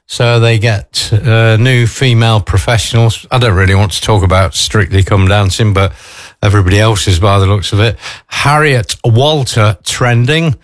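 A man's voice: lowish voice, fairly even intonation, normal speed, no room sound, clean studio sound. A man talking casually to camera in a chatty, wry way, full of asides. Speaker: vlogger. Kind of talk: casual morning chat.

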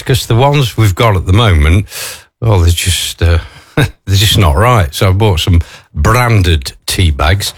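Chatty man, lowish voice. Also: expressive, takes it slowly, over music. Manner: chatty and wry, with asides. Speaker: vlogger. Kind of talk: casual morning chat.

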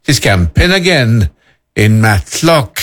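A man's voice: medium pitch, very animated, slow pace. A man hosting a local morning radio show, chatty and rambling, full of self-deprecating asides. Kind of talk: casual radio chat.

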